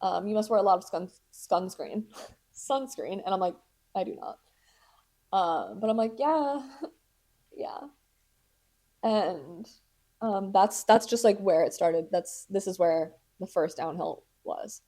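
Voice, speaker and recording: A woman in her twenties hosts a podcast, telling a story in casual chat full of sarcastic, dramatic asides and acted-out voices. Her mid-range voice is mellow and unhurried.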